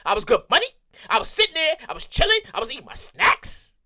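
A woman telling a casual storytime rant to her viewers, talking in an animated, exasperated way, repeating herself and swearing freely. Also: sits high, fast talker. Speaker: vlogger telling a work story.

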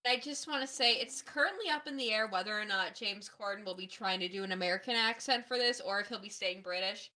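A woman co-hosting a podcast in casual chat, joking in a playful, deadpan way. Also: medium pitch, quick pace, hardly any pauses. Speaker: podcast co-host.

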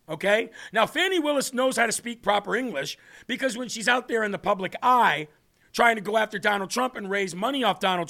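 Brief: loud, mocking male talk host, high bright voice, chatty and rambling. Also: creaky. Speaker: political talk show host. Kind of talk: livestream commentary.

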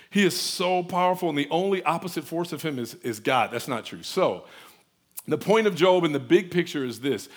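A man's voice: on the high side, a bit bright, breathy edge. A man preaching a conversational sermon, earnest and emphatic, speaking off the cuff.

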